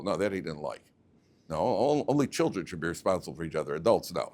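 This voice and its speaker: A man, a rabbi teaching a class, telling stories with lively, repetitive delivery and acting out both sides of arguments. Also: mid-range voice, fast. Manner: animated, repeats words, acts out both sides of arguments. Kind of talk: lively storytelling lecture.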